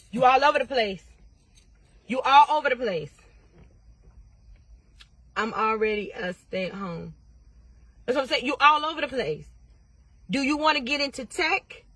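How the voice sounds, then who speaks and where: A woman's voice: high-pitched, pushed and bright, no room sound. A woman tarot reader giving blunt, profane advice in a casual vlog, firing off repeated questions.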